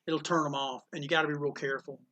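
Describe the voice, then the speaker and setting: A man, a comic shop owner, telling animated stories in a casual interview and acting out the voices of people in them. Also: on the high side, fast, muffled recording. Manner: animated storyteller, acts out quotes, laughs often.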